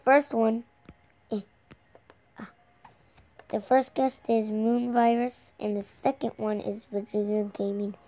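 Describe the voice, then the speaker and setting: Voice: medium pitch, level tone, slow, long pauses, mellow. A gaming channel host giving playful, casual commentary while playing a game, repeating words and joking with guests.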